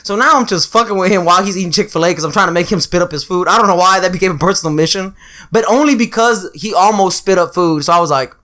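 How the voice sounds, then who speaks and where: A man telling a story in a casual chat, animated and profane, laughing through it. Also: high-pitched, fast.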